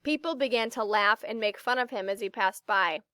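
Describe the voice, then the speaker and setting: A woman's voice: fairly high pitch, no room sound, clean studio sound. Woman reading a children's story aloud. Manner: slow, expressive storytelling. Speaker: narrator. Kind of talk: children's book read-aloud.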